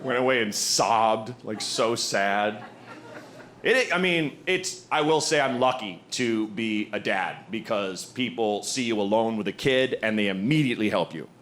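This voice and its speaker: A man performing a stand-up set, telling animated stories and acting out other people's voices on a handheld stage mic. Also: on the low side, a little slow. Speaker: stand-up comedian. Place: comedy stage with audience. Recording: live show with audible background noise.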